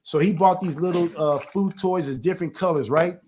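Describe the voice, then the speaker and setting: A man, a church elder, talking through an informal teaching in a lively way, often repeating himself and asking "right?". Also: sits high, fairly quick, a little hiss or hum. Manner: animated, keeps checking in with "right?"; repetitive, stumbles and restarts.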